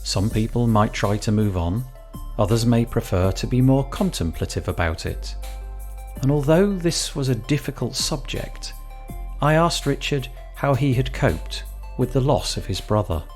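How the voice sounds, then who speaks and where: Measured male podcast host narrating. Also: medium pitch, lively intonation, darkish tone, soft background music. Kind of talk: scripted narration between interview clips.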